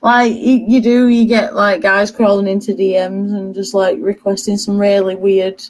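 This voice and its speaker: A woman's voice: mid-range voice, flat delivery, moderate pace, darkish tone. A young woman in her twenties, co-hosting a casual chat show and telling stories while laughing often. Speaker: podcast co-host.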